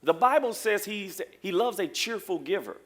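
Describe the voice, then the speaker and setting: A man preaching a lively sermon in a church, joking with the congregation. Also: high voice, normal speed. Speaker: pastor.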